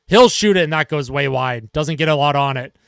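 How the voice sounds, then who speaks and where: A man doing live play-by-play as a fan of his team, calling the action quickly and growing exasperated and sarcastic at their mistakes. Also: on the high side, vocal fry, fairly bright tone, clear, resonant tone, no room sound, clean studio sound.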